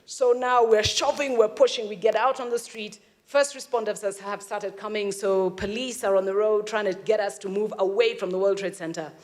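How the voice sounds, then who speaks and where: A woman's voice: mid-range voice, fairly even intonation, normal speed, hardly any pauses. A woman from Kenya with a Kenyan accent, giving a dramatic storytelling talk and acting out the voices she quotes. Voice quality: vivid, acts out quoted voices. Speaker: speaker. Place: event hall. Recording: long reverb of a hall.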